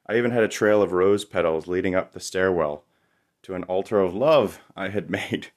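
A young man with a very low, deep voice tells his own story in a memoir reading. His delivery is wry and confessional, never hurried. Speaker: narrator. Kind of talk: first-person memoir storytelling.

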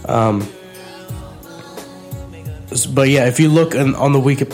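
A man's voice: mid-range voice, a little slow, darkish tone, soft background music. Sick-voiced man co-hosting a podcast. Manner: rambling, hesitant, jokey. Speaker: podcast co-host. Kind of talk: casual chat.

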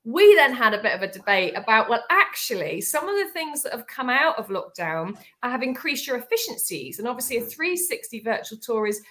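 A woman co-hosting a casual property-industry chat, talking freely with lots of fillers and quick laughs. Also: a little high, very animated, fairly bright tone. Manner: chatty, laughs easily, many fillers. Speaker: estate agency co-host.

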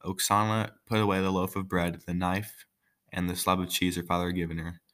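Low-voiced man reading a folk tale. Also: flat delivery, brisk, fairly bright tone. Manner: joking, offhand commentary. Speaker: story reader. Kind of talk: reading a folk tale aloud with casual asides.

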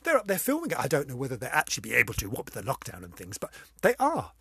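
A woman's voice: a bass voice, wildly swooping pitch, rapid-fire, sharp tone, breathy edge, no room sound. An older woman hosting a casual vlog, telling corny jokes and giggling at them herself. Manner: giggly, laughs at her own jokes, self-mocking. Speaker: vlog host.

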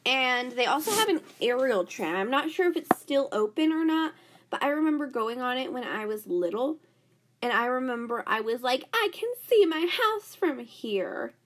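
A woman's voice: high-pitched, animated, moderate pace. A woman hosting her own podcast, talking in a chatty valley-girl way full of "like". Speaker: podcast host. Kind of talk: casual podcast monologue.

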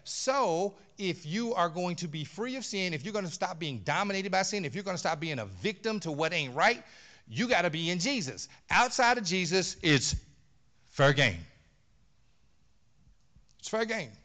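A man's voice: high-pitched, very animated, normal speed, sharp tone. A pastor preaching a sermon in a church, talking in an emphatic, conversational way and often repeating words as he builds a point. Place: church sanctuary.

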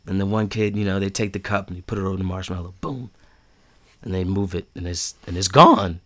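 A man co-hosting a casual chat, retelling what he watched with lively acted-out quotes and frequent laughter. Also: brisk. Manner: animated storyteller, acts out quotes with big pitch jumps and laughs.

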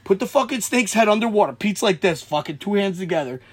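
Young man, husky, high voice, lively swings in pitch, casual storytelling, swearing, shouted quotes. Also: fast talker. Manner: animated, swears a lot, shouts when acting out quotes.

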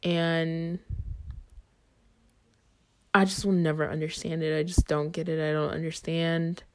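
A woman's voice: low voice, flat delivery, a little slow, a little mellow. A young adult woman hosting a podcast, telling a story in a casual, chatty way with lots of "like" and "um". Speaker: podcast host.

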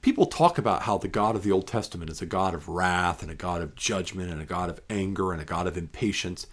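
A man's voice: sits low, lively intonation, moderate pace. A man, a pastor, reads scripture aloud and then comments on it in an emphatic, conversational devotional. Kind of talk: Bible reading and devotional commentary.

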